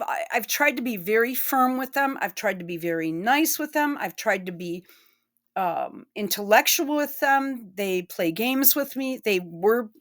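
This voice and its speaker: A woman giving blunt, profane and emotional commentary while reacting to news clips. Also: mid-range voice. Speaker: online commentator.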